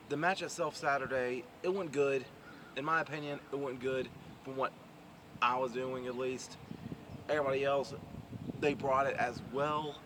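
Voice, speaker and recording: A man, chatting casually in a rambling way and restarting often, recording outdoors. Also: medium pitch. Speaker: vlogger and pro wrestler. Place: outdoors near traffic. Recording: outdoor street noise audible.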